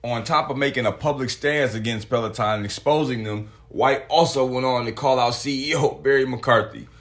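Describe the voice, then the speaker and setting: Profane, animated male podcast host. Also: medium pitch, normal speed. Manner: profane, animated, reads articles aloud. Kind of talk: casual solo podcast commentary.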